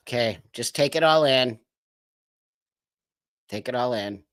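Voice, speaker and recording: A man's voice: fairly high pitch, lively intonation, a little slow, long pauses, sharp tone, clear, resonant tone, no room sound, studio quality. A man hosting a live stream, giving emphatic, indignant commentary with many rhetorical questions. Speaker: livestream host.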